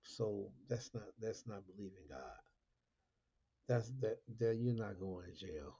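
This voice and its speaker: Gravelly husky man. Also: lowish voice, a little slow. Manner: animated, repetitive rhetorical questions, laughs often. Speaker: Christian talk show host. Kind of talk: casual monologue to viewers. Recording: lo-fi dull recording.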